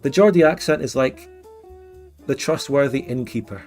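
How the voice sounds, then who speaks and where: A man's voice: medium pitch, expressive, normal speed, a little mellow, soft background music. Rambling man hosting a game livestream. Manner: rambling, joking, many fillers. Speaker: streamer host. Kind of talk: casual livestream chat.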